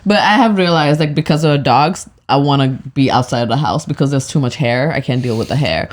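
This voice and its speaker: A young woman who is a guest on a podcast, chatting casually and reacting with quick laughs. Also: extremely low pitch. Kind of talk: casual chat.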